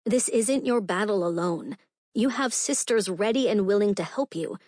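A fierce vampire queen, commanding and protective, speaking firmly to her sister, as an audiobook narrator reads her. Her voice is mid-pitched and close in a dry, dead room. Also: normal speed, a little mellow, no room sound, lightly acted. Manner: firm and fierce.

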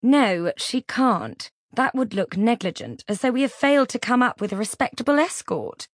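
A woman's voice: medium pitch, animated, fairly quick, no room sound, natural voice. Woman doing a bossy drama-queen mum from an audiobook, haughty and clipped, very dry sound. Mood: indignant. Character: grand theatrical middle-aged mother, bossy and dramatic. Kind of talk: audiobook character voice.

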